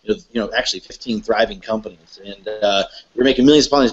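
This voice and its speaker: A man, a guest speaker, telling a personal story to an audience in a halting way full of fillers and restarts. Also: on the low side, husky, dull audio.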